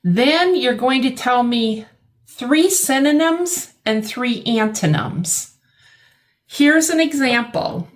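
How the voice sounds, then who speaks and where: A middle-aged woman teaching a vocabulary lesson, slow and deliberate, repeating words for her learners. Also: high voice, lively intonation.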